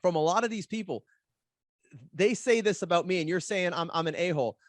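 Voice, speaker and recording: A man and podcast guest telling a story in an animated way, fast and with many restarts as he acts out quoted arguments. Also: high voice, dry recording, studio quality. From Canada. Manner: rapid, repeats words while acting out quoted arguments. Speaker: podcast guest, pro wrestler.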